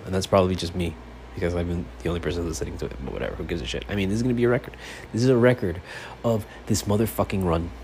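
A man's voice: low voice, darkish tone. Fired-up, cursing man ranting about his team. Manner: profane, fired-up sports fan rant. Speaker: podcast host. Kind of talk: fan podcast monologue. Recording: faint background noise.

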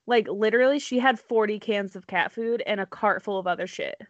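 A woman's voice: medium pitch, a little fast, no echo, lo-fi sound. A woman telling a story in casual chat, rambling with many likes and ums, laughing often.

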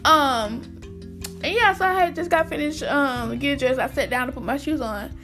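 A woman's voice: sits high, moderate pace, a bit bright, soft background music. A young woman chattily telling viewers a school story, calling them y'all and using lots of slang. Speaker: vlogger. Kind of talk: casual storytime.

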